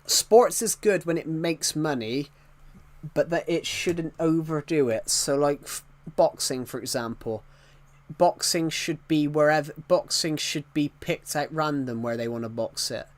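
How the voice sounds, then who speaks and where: Live-streaming a football game, a young man from the United Kingdom in his twenties chats loosely at a measured pace. His voice sits on the high side, and he often restarts sentences and chuckles.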